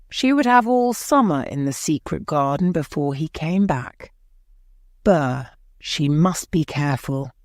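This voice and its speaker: Slow low-voiced woman storyteller. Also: no room sound, studio quality. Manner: slow, clear, deliberate for learners. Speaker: narrator. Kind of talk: graded-reader story narration.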